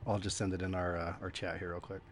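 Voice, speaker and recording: A man hosting a casual podcast, talking loudly and playfully and laughing often. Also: low-pitched, level tone, fast, a little hiss or hum. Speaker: podcast host.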